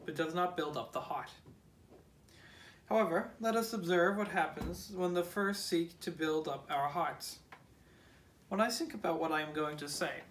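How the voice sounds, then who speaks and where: A man leading a church's morning prayer, reading scripture and a sermon text in a measured, solemn way. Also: fairly high pitch, fairly bright tone.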